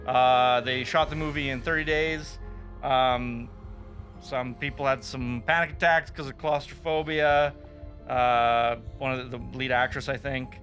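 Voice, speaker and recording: Chatty, bright-voiced podcast host man. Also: medium pitch, steady tone, a little slow, soft background music. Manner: chatty, laughing, swears freely. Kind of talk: casual movie review chat.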